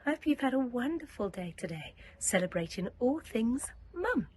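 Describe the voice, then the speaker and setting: A woman reading a bedtime story aloud in a soft, hushed, soothing way, slipping into whispers. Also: on the high side, big pitch swings, moderate pace, a little hiss or hum.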